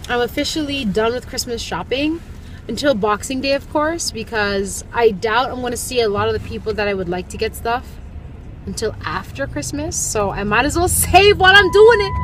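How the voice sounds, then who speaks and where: A woman's voice: a little high, animated, normal speed, long pauses, fairly bright tone, slight background noise. A young woman from Canada, vlogging from a car in a chatty, playful, slangy way. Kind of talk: casual vlog chat.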